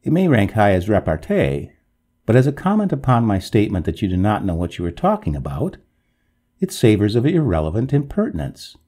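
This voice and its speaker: A man's voice: lowish voice, huge pitch swings, a little fast, mellow. A man voicing an indignant drowned young woman ghost, who talks in a prim, formal, reproachful way with a gargling sound. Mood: haughty.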